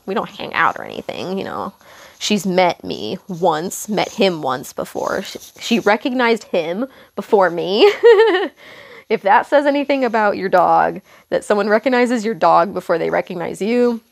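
A young woman hosts a podcast and tells a casual, meandering story, backtracking and correcting herself as she goes. Her pitch rises and falls a lot, and a gravelly fry runs under her voice. She fills her pauses with loose asides. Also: big pitch swings. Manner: rambling, self-correcting, lots of fillers and asides. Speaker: podcast host.

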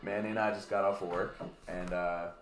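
A man's voice: low voice, fairly quick. A young man hosting a casual late-night podcast, talking loosely with lots of fillers. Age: young adult. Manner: relaxed, rambling with many fillers. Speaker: podcast host. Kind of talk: casual chat.

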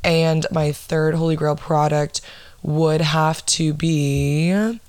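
Low, blunt, swearing young woman. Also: steady tone, slow pace, a little mellow, smooth, no room sound. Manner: blunt, heavy swearing, dramatic asides. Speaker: podcast host. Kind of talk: casual profane storytelling rant.

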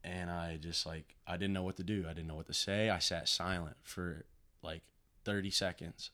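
A young man telling a painful personal story in a casual, halting way, full of restarts and fillers. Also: sits low, fairly even intonation, pushed and bright. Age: young adult.

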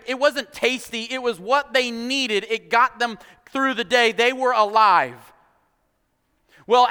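A man's voice: very high-pitched, pushed and bright, smooth. A man preaching a sermon, telling the story playfully with quoted voices and jokes. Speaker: pastor. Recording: long hall reverb.

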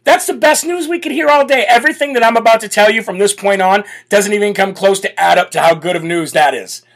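An American man hosts a political talk show, brashly and boldly reading donor messages aloud and leading prayer while laughing and chanting loudly. His voice is high, quick and gravelly.

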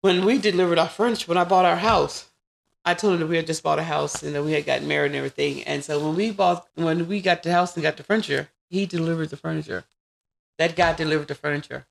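A woman in her forties, a podcast guest, telling personal stories in a casual, animated way and acting out what people said. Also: sits low, fast talker, creaky. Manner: animated, acts out quoted dialogue. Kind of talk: casual interview storytelling.

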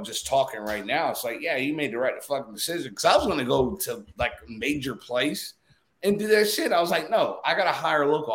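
Animated man telling a story, roomy sound. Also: mid-range voice. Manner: animated storytelling, profane, repeats himself. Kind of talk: casual chat.

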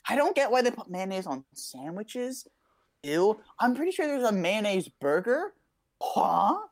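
A young woman chatting casually as co-host, quick with asides and laughing often. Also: mid-range voice, very animated, darkish tone. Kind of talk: casual chat.

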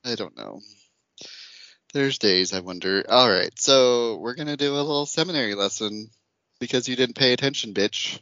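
A man co-hosting a podcast who talks in a loose, teasing way and laughs a lot. His voice sits at an ordinary pitch. The sound is dull and dry, with no room around it. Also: normal speed, bright, forceful tone, no echo. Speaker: podcast co-host. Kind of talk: casual chat.

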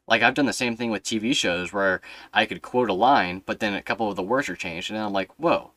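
A young man hosting a casual podcast chat, telling stories in a rambling, animated way with plenty of fillers. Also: lowish voice, quick pace, no echo. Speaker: podcast host.

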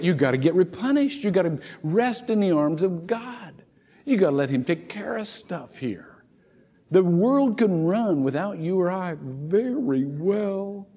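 A man preaching a sermon in a casual, animated way, laughing often and restarting his sentences. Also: high voice. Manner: animated and conversational, with many restarts and chuckles. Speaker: pastor. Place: church sanctuary. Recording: long church hall reverb.

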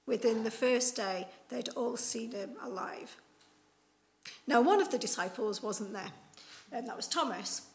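Woman, preacher, fairly high voice, chatty storytelling sermon, acts out the characters. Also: measured pace, poor audio. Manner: lively storytelling, acting out the people in the story; casual, chatty with fillers like "like" and "you know". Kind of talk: conversational Easter sermon.

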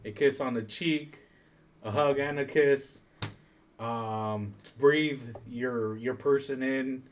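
A man in casual conversation who talks haltingly, restarts a lot and swears freely. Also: medium pitch, fairly even intonation. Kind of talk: casual chat.

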